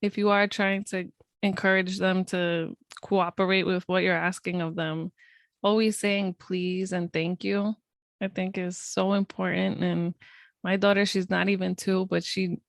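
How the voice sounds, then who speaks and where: A woman's voice: fairly low pitch, little pitch movement, a little slow, vocal fry, dry recording, clean studio sound. A young adult woman co-hosting a parenting podcast, talking in a chatty, easygoing way in casual conversation. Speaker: podcast co-host.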